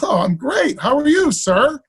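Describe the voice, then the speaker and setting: A man's voice: very high-pitched, sing-song, measured pace, pitched above the performer's own voice, heavily acted. A man putting on the voice of an older, easygoing streetwise actor who downplays everything, in a casual friendly manner.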